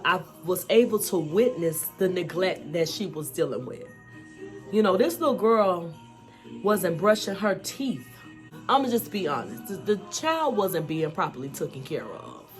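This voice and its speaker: A woman's voice: mid-range voice, fairly bright tone. A woman telling her own life story to the camera in a candid, emphatic way, often saying "you know" and "y'all". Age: adult, mother of school-age children. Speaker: vlogger. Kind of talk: personal storytelling vlog.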